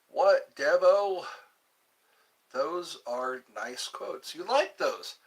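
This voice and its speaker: A man in his fifties hosts a casual live stream, reading out viewer comments and replying with playful jokes. His voice sits a little high, swings widely in pitch, and comes at an unhurried pace. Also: expressive, a bit bright, husky, rough recording. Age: 50s. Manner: reads viewer comments aloud and chats back to them; playful, jokey.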